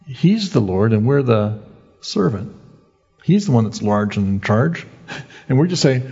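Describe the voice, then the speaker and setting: A male pastor delivers a relaxed, conversational sermon, slipping into the voices of the people in his stories. His voice is husky and mid-pitched. The recording sounds dull and lo-fi. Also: a little slow, long pauses, faint music behind. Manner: lively storyteller who acts out the quoted voices; conversational, folksy preaching.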